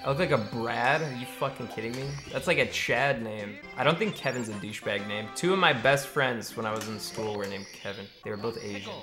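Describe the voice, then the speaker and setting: A man's voice: mid-range voice, a little fast, few pauses, over music. A young man streaming a game live, chatting with viewers, joking and swearing when the game goes wrong. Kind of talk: live gameplay streaming chat.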